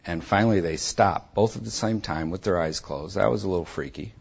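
Husky low-voiced guy telling his story straight and intense, dull lo-fi sound. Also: a little fast. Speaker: speaker giving a personal testimony. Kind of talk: personal testimony storytelling.

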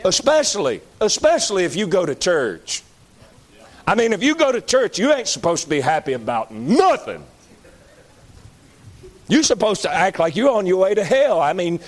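A man with a Southern accent preaching a sermon in a folksy, emphatic way, shouting at times. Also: sits high, very animated, normal speed.

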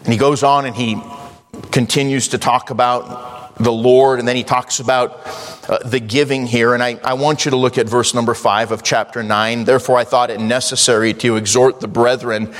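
A man preaching a sermon as pastor, reading scripture in slow King James cadence and breaking into rising emphasis. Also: mid-range voice, fairly even intonation, fairly bright tone. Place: church sanctuary. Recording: long church reverb.

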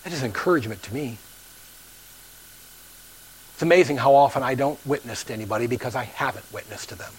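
A man's voice: mid-range voice, a little fast, pauses often, slightly rough, low-quality recording. A male pastor preaching a sermon, acting out the story's characters and dropping at times to a near whisper.

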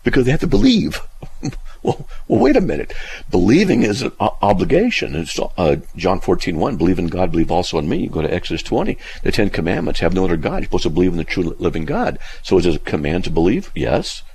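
A man hosting a casual talk radio show and answering listener emails. He is animated, laughs often, argues with rhetorical questions and acts out the people he quotes. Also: sits low, fast talker, breathy edge. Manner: argumentative, asks rhetorical questions.

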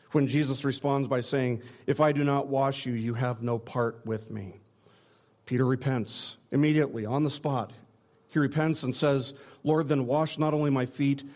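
A man's voice: mid-range voice, darkish tone. A man preaching a sermon in an earnest way, often repeating a word as he starts a phrase. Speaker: pastor.

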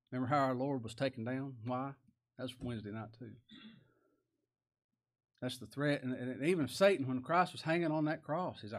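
A man preaching a sermon as pastor, chuckling often and rising to loud emphatic bursts. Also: mid-range voice, brisk.

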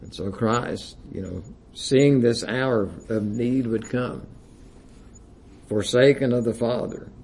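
A man's voice: medium pitch, slow, darkish tone, slightly rough. A man preaching a sermon, reading King James scripture aloud with rising emphasis and using frequent "you know" fillers.

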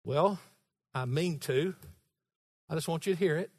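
A man preaching as pastor, emphatic and rising to shouts, teasing his congregation now and then, in a large church with a balcony. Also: fairly high pitch, a little slow, long reverb tail. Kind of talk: sermon.

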